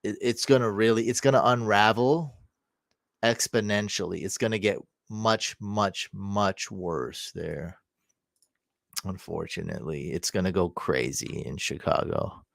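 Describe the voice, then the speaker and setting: A man's voice: lowish voice, gravelly, no room sound, clean studio sound. Hyped fantasy football streamer man. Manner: excitable, hyped, bursts into loud cheering; answers chat comments quickly. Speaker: fantasy football livestream host. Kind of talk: casual live-stream commentary.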